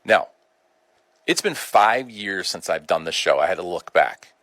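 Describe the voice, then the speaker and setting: Middle-aged man, doctor hosting a radio show, very low voice, dry close studio sound, folksy. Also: lively intonation, a little slow, a bit bright, no room sound. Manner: folksy and conversational, with colloquial asides. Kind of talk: informal health talk.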